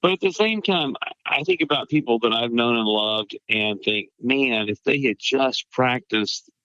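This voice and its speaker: A man's voice: mid-range voice, moderate pace, pushed and bright, clear, resonant tone, dry recording. A man, a pastor, talking in casual chat in a reflective and agreeable way. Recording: slightly dull, dry audio.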